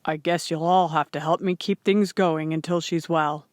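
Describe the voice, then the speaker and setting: A woman's voice: deep voice, steady tone, normal speed, dry recording, studio quality, natural voice. A woman reading aloud, voicing an earnest, anxious farmer father in a plain, near-natural voice.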